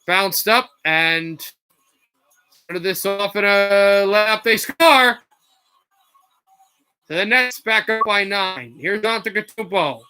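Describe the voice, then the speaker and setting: A man calls a game play by play in a high voice with a sharp edge. He talks fast, stumbles and corrects himself, and shouts when someone scores. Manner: rapid call with slips and self-corrections, rising to shouts on scores. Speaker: play-by-play streamer. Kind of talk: amateur live play-by-play commentary.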